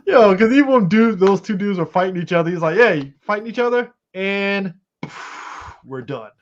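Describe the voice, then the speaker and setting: A man co-hosting a podcast in casual chat, animated and profane, rambling with lots of fillers. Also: high-pitched, slow pace, pauses often. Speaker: podcast co-host. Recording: slightly muffled lo-fi audio.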